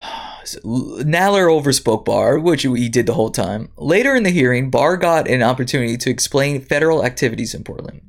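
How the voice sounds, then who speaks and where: Woman host, indignant and sarcastic, reads the news then rants, pitch jumps around a lot. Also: lively intonation, normal speed. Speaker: podcast host. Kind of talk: reading news and commenting.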